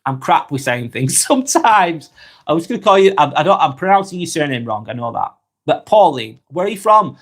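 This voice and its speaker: A man from northwest England with a Lancashire accent, talking calmly on a live stream, reading out viewer comments and musing with frequent repeats and restarts. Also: fairly high pitch. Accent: Lancashire English. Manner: calm, musing, repeats words and restarts often.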